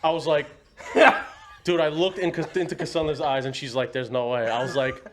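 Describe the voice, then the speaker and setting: A man's voice: medium pitch, flat delivery, fast, slight background noise. A man hosting a casual podcast, telling a rambling anecdote full of quoted dialogue. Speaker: podcast host. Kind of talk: casual storytelling chat.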